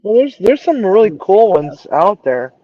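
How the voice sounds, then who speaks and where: A man's voice: high voice, big pitch swings, moderate pace, dry recording, dull audio. A man chatting casually as a guest, hedging loosely with lots of fillers. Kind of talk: casual chat.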